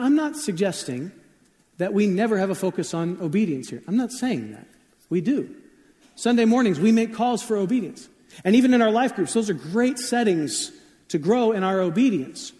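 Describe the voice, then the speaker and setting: Male pastor, sermon, conversational storyteller, high voice, echoing church hall. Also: animated, normal speed, pauses often, warm tone. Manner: conversational storytelling preacher, shifts pace often.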